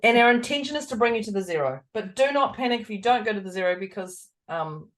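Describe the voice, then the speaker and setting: A woman with an Australian accent co-hosting a podcast in casual chat, her voice husky and going hoarse, playful and chatty. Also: mid-range voice, animated, quick pace, a bit bright. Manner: chatty, laughs often, playful. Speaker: podcast co-host.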